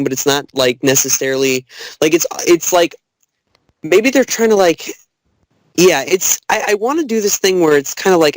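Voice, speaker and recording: A man's voice: on the high side, no room sound, poor audio. A man hesitantly brainstorming an episode idea, searching for words with many fillers. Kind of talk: casual brainstorming.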